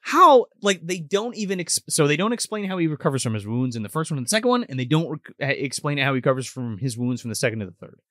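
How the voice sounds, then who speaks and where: Male co-host, casual movie podcast; profane, excitable, lively delivery, slightly high voice, dry close mic. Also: fast talker, few pauses, no room sound. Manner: profane, excitable, animated retelling. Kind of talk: casual movie recap chat.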